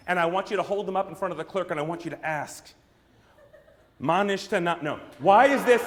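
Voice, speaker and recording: A high-pitched American man delivers a punchy keynote talk to a room full of people. He throws rhetorical questions at the crowd and swings into theatrical asides, keeping his voice lifted and expressive throughout. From United States. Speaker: brand strategist, speaker. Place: room with an audience.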